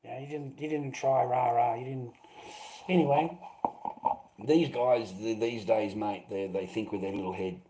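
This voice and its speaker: A man's voice: medium pitch, steady tone, a little slow, warm tone, poor audio. Rambling Australian man, swearing casually. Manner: swears often, fills gaps with "rah, rah". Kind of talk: rambling anecdote.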